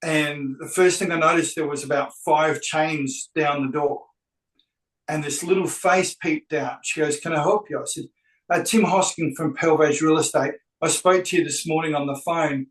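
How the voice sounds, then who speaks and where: A man's voice: fairly high pitch, steady tone, moderate pace, echoey room, far from the mic, poor audio. A man, a real estate agent, tells a story animatedly and acts out both sides of the dialogue. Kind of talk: anecdotal storytelling.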